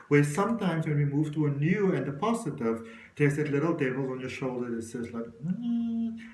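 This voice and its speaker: A man's voice: mid-range voice, darkish tone, echoey room, poor audio. A man giving an encouraging tarot reading, talking straight to the viewer. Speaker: tarot reader.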